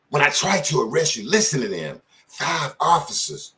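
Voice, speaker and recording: A man's voice: mid-range voice, wildly swooping pitch, moderate pace, few pauses, pushed and bright. A middle-aged man hosting his channel, giving casual commentary in informal street talk and firing off pointed questions. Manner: impassioned, asks many pointed questions. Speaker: channel host.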